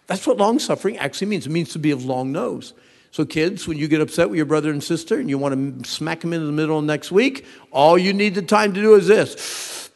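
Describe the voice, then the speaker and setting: Gravelly male pastor, 50s, dramatic sermon delivery in a long-echo hall. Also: a little high, normal speed. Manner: dramatic preaching, swings from hushed to loud. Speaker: pastor and youth counselor.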